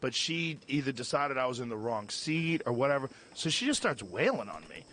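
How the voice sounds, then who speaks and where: A man from Massachusetts who hosts a podcast. He tells candid personal stories with quick asides. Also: mid-range voice, sing-song, a bit bright, slight background noise. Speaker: podcast host. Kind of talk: casual chat, telling anecdotes.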